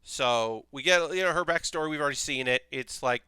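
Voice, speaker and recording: A young man talks in a loose, animated livestream ramble, cursing freely. His voice is bright and crisp, fairly high for a man. It is recorded close and dry. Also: brisk, no room sound. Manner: chatty, animated, swears casually. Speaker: streamer reviewing anime. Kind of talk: casual livestream chat.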